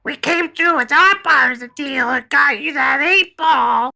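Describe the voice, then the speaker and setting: A man voicing a young female street hustler who demands her payment in a squeaky, high voice. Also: unhurried, vocal fry, pushed and bright, heavily acted. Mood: demanding.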